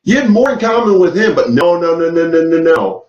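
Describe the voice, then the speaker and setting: A man's voice: fairly high pitch, big pitch swings, brisk, a little mellow. Male vlogger doing a swear-heavy rant review, recorded in an echoey room with a slightly dull sound. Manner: swears heavily, rants angrily with filler "like". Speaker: TV show reviewer. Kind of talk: profane ranting review.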